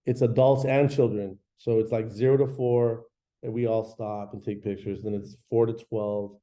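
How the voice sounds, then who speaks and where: A man giving a casual, energetic coaching talk to an audience of real estate agents, slangy and quick, often acting out little phone calls. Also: lowish voice.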